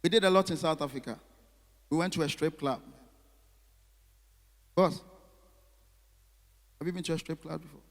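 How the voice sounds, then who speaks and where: A man works a live crowd, his voice pitched high for a man. His talk carries a long hall reverb from the venue. He is animated and keeps turning to the audience with questions. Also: moderate pace, long pauses. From Ghana. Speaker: stand-up comedian. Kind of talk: stand-up comedy with crowd work.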